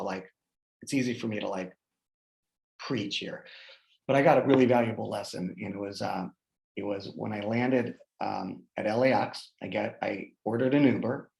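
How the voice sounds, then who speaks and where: A man in his forties, a guest speaker, telling a personal story in an animated way with many fillers and restarts. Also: lowish voice, vocal fry, reverberant, rough recording. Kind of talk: personal storytelling in a group talk.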